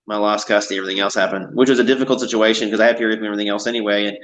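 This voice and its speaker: A man's voice: lowish voice, steady tone, very fast, a bit bright, rough recording. A man talking in a casual chat, rambling and repeating himself.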